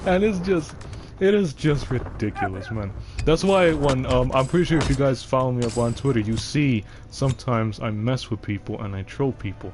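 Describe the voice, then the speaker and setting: A young man with a deep voice, chatting casually on a game livestream and rambling from thought to thought with frequent restarts. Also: normal speed, background noise. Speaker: game streamer.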